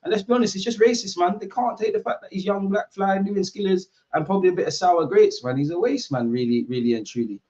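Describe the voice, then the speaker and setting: A man's voice: high voice, quick pace, few pauses, highs cut off. Slangy young man hosting a football watchalong. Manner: animated, slangy, banter with chat. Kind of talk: casual chat to live viewers.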